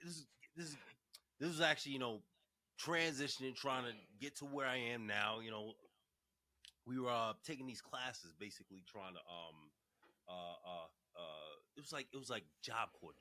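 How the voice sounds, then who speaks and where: A man's voice: medium pitch, moderate pace. A man co-hosting a podcast in casual banter, laughing often and telling stories with energy. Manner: laughs often, lively storytelling. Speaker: podcast co-host.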